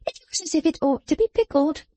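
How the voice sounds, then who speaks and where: Lady doing a sly little seamstress, tart and spiteful, high-ish voice. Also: animated, brisk, dark tone, no echo. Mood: gloating. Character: small sharp-tongued spiteful young dressmaker.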